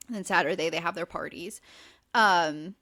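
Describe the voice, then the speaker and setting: A woman's voice: on the low side, moderate pace, sharp tone. Chatty woman podcast host. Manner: chatty, filler-heavy, swears freely. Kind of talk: casual chat recapping a reality show.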